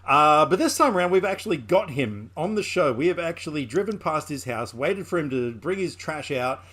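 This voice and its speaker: A man's voice: on the high side, expressive, fairly quick, a bit bright. A man hosting a podcast in casual chat, joking and rambling and laughing often. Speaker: podcast host.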